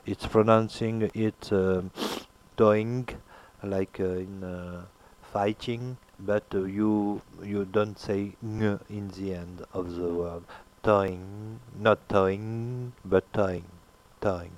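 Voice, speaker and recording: A man with a lowish voice teaches pronunciation at a very unhurried pace. He hesitates constantly, filling gaps with "uh" and repeating each word to model its sound. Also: fairly even intonation, darkish tone. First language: French. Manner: hesitant, many filler pauses, repeats words slowly to model sounds. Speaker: language teacher. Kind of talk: pronunciation lesson.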